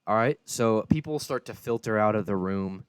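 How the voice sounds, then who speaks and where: Laid-back low-voiced game master. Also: male voice, expressive, normal speed, clean tone, no room sound. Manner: laid-back, descriptive narration. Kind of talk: narrating a tabletop game.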